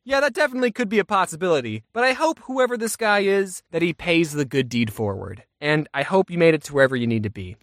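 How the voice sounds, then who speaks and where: A man giving comedic storytime narration in a deadpan, self-deprecating way. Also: a little high, fast, hardly any pauses, dry recording, studio quality. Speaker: animated storyteller.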